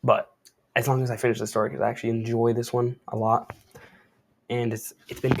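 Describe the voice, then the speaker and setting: A man's voice: medium pitch, level tone, a little fast, creaky, a little hiss or hum. A young adult man reading a comic aloud and chatting about it. He talks in easy slang with laid-back, hedging asides. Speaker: comic reader and commentator. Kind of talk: casual comic read-along commentary.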